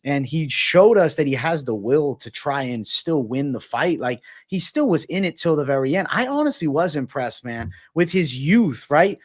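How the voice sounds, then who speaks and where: An earnest man with a slightly high voice argues his side of a fight debate in an emphatic, friendly way. He keeps calling his co-host "bro" and "man" as he talks. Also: expressive, moderate pace, few pauses. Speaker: MMA podcast co-host. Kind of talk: casual sports debate.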